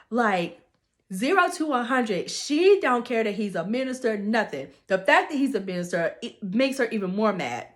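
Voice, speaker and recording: A woman's voice: fairly high pitch, big pitch swings, a little slow. A woman recapping a story in a chatty, gossipy way, leaning on fillers. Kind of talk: casual plot recap.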